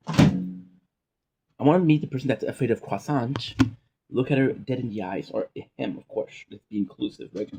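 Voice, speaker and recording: A man in a casual vlog, rambling through jokes at a medium pitch. He slips into little made-up dialogues and keeps chewing and humming as he eats a croissant. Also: lively intonation, normal speed, creaky, long pauses, background noise. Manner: jokey, rambling, acts out imagined voices. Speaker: vlogger. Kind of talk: casual comedic rant while eating.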